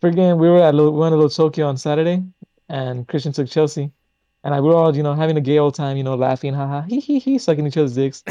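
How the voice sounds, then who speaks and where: A young man with a slightly high voice rambles through a story, piling up fillers and swearing as he goes. The sound is dry and a little dull. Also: fast talker, dark tone, no room sound. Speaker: podcast host. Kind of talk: casual chat.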